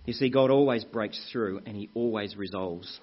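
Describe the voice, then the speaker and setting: A man's voice: on the low side, normal speed. A man preaching a sermon in an earnest way, calling the congregation brethren and telling anecdotes. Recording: muffled lo-fi recording.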